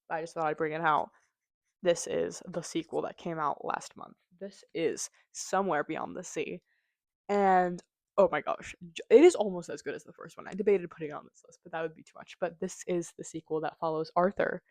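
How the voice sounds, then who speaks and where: A woman hosts a casual book review, talking in a gushing, chatty way full of "like" and "um". Her voice sits on the low side for a woman. The sound is dry and close, with no room around it. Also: gravelly, dry recording. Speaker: book reviewer, channel host.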